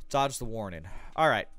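A man's voice: on the low side, a bit bright, dry recording. A man streaming a game, casually reading a guide aloud with sarcastic joking asides. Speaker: gaming streamer.

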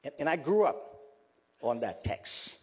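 Husky-voiced male preacher with lively pitch. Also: a little slow. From South America. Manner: repeats a refrain, dropping to a soft low voice; builds up to emphatic preaching. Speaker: pastor. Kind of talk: funeral sermon.

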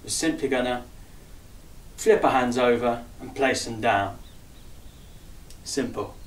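A chatty, jokey man teaches a simple dance routine, calling out each move and counting the beats. His voice sits at a middling pitch and moves at an easy, unhurried pace. He sounds a step back from the mic in a roomy, echoing space. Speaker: dance instructor. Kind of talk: dance tutorial, calling out steps. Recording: roomy echo, voice far from mic.

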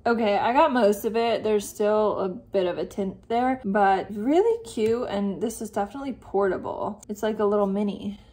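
A woman's voice: medium pitch, moderate pace, few pauses, dark tone. A woman vlogging a beauty box unboxing, chatting casually and reading product blurbs aloud between her own asides. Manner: frequent "like" fillers.

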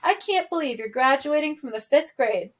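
Woman reading a gentle, joking father, affectionate, soft-spoken, storybook voice. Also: high-pitched, expressive, normal speed, voice pushed up. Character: warm, joking father of a young boy.

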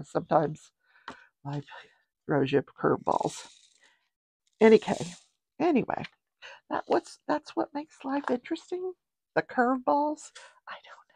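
A woman's voice: medium pitch, vocal fry, a little mellow, dry recording. An older woman hosting a show, recapping a trial in a chatty, rambling way with wry asides. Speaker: true-crime show host.

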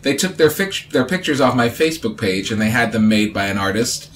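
A man's voice: expressive, fairly quick. A man, a comedian guest in casual chat aboard a cruise ship, joking dryly and playfully. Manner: playful, dry jokes, swings up and down in pitch.

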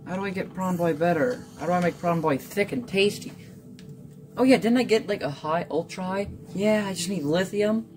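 A gamer in casual gameplay commentary, muttering playfully to themselves and to the game, with sudden excited outbursts. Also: mid-range voice, moderate pace, soft background music. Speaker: gamer playing a survival game.

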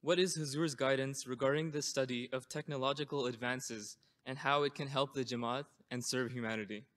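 A man's voice: mid-range voice, fairly even intonation, fairly quick, a bit bright. A man in his twenties, a university student, politely reading out a formal, prepared question over a video call.

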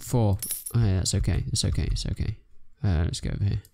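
Young man, gravelly gameplay chatter. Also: lowish voice, brisk. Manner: chatty, self-narrating, excitable bursts. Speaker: let's play gamer. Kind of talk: casual gameplay commentary.

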